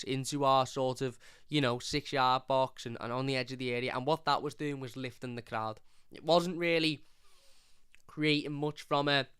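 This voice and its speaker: A man's voice: mid-range voice, pushed and bright, smooth, no echo, clean studio sound. A young man hosting a fan channel, giving a frank, rambling live review of a football match, often restarting his words.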